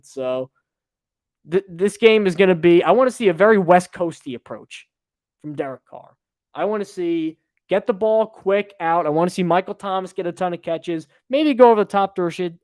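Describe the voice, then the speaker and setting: A man's voice: fairly high pitch, darkish tone, dry recording. A young man hosting a podcast, giving opinionated, emphatic sports analysis with frequent fillers, close to the mic. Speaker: podcast host.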